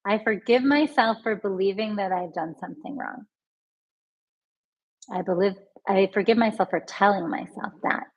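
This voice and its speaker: A woman teaching a live online healing lesson. She talks straight to her viewers, answers their comments, and repeats soothing healing phrases slowly and gently. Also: mid-range voice, dull audio. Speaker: emotional healing coach.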